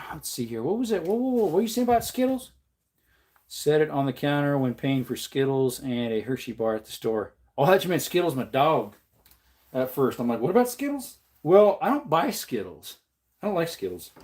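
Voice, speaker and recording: A man hosting a livestream, casually reading out and answering viewer comments with frequent laughs and jokes. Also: a little mellow. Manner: laughs often, jokey, repeats "man" and "allegedly"; puts on a higher voice when quoting people. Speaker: livestream host.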